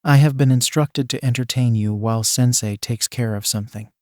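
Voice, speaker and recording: A sullen, easily angered young man speaks with a strained, forced calm, as a man reads him in his own voice. The voice is medium in pitch and dry. It is a storybook reading. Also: brisk, dry recording, lightly acted. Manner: forced calm, through gritted teeth.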